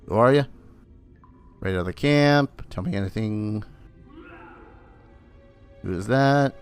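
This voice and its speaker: A man's voice: lowish voice, slow pace, long pauses, clean tone, faint music behind. Chatty man rambling over gameplay. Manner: chatty, rambling asides, dry humor. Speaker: let's play host. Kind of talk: casual gameplay commentary.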